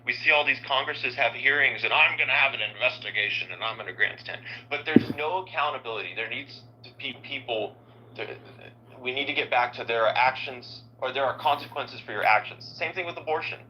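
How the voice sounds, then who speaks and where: A man's voice: mid-range voice, brisk, pushed and bright, lo-fi sound, a little hiss or hum. A man joining a political podcast as a guest, making earnest, lecturing points.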